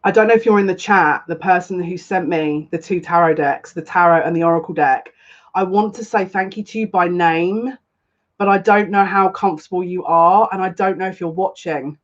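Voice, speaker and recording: A woman's voice: fairly low pitch, moderate pace. A woman hosting a casual live stream as a psychic tarot reader, greeting viewers by name, effusive and on the verge of tears. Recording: slightly dull lo-fi sound.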